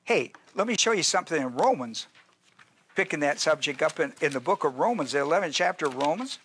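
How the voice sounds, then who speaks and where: A man's voice: a little high, animated, fairly quick, a bit bright, slightly rough. A male pastor teaching a sermon in a folksy, joking way, with restarts and asides to his listeners.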